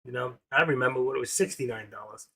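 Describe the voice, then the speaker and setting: Older male host, husky, chatty and rambling, casual livestream talk. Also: medium pitch, quick pace, sharp tone.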